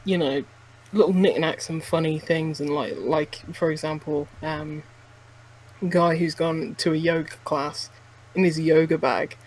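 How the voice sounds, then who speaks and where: Rambling man, higher voice. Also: fairly even intonation, a little slow, low-quality recording. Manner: rambling, many restarts and "like" fillers. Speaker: podcast co-host. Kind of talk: casual chat reviewing a game.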